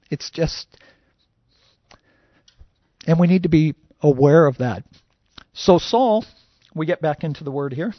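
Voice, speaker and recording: A man's voice: on the high side, dry recording, lo-fi sound. A man preaching a sermon as a pastor, conversational and full of "you know" fillers.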